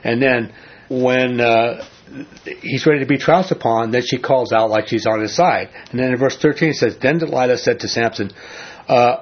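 A man giving an informal sermon, reading scripture slowly and commenting in a rambling, conversational way. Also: medium pitch, breathy edge. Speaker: preacher. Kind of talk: informal sermon, Bible teaching. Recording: muffled lo-fi recording.

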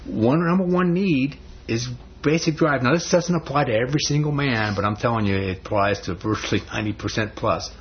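Low-voiced folksy man preaching. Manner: conversational, repeats himself for emphasis. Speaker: speaker on marriage. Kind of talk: folksy sermon to a live audience. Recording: dull muffled recording, faint hiss.

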